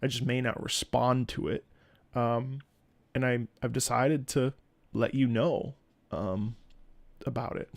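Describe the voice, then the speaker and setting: A laid-back man chats about music on his stream, swearing freely and tripping over his own sentences. His voice is gravelly with a mid pitch. The sound is dry and close, with no room around it. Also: unhurried, no echo. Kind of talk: casual commentary over game music.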